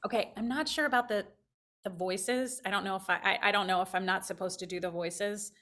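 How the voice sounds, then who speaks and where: A voice actress chatting as a podcast guest, her woman's voice a little tired and rough, talking loosely with lots of fillers. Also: mid-range voice, fairly quick, bright, forceful tone. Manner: chatty, self-deprecating, full of fillers. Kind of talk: casual interview chat.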